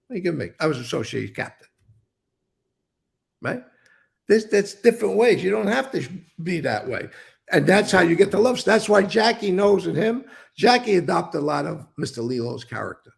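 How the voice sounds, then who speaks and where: An older man with a gravelly edge to his voice. He tells stories in a loose, rambling way, blunt and unfiltered, with swearing sprinkled through. It sounds like a casual sit-down interview. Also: sits high, big pitch swings, normal speed. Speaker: interview guest.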